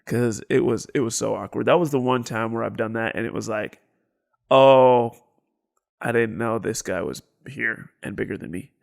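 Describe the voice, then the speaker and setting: Gravelly, animated man telling stories. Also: lowish voice, brisk, hardly any pauses. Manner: animated storyteller, acts out quotes, sudden whispers and shouts. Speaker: podcast co-host. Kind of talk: casual storytelling chat.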